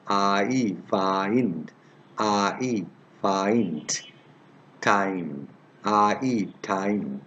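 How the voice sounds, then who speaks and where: Slow, hesitant male lecturer with a low voice. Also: a bit bright, a little hiss or hum. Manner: slow and repetitive, repeats example sounds and words many times; hesitant, many "uh" fillers. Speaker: linguistics teacher. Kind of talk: recorded lecture.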